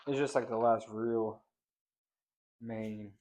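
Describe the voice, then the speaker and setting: A man's voice: on the low side, fairly even intonation, takes it slowly, darkish tone. A man casually showing how he seasons ribs, playful and slangy, crooning pet names at the food and the viewer. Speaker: cooking vlogger. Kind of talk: casual cooking demonstration.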